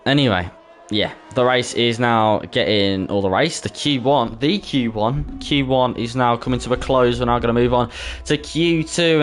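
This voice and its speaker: A man with a Birmingham accent giving chatty live commentary on an online racing league, laughing easily and tripping over names. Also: mid-range voice. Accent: Birmingham (Brummie). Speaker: esports race commentator. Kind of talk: live-streamed race commentary.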